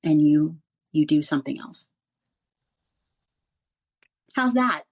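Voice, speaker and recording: Casting: middle-aged woman, lively storyteller with a lower voice. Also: slow pace. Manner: animated storyteller who laughs often. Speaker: guest, former radio news reporter. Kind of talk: casual interview storytelling.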